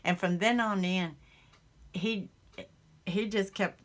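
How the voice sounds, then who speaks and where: A woman's voice: mid-range voice, fairly even intonation, takes it slowly. A woman with a Southern US accent, hosting a craft channel and chatting casually in a folksy storytelling way.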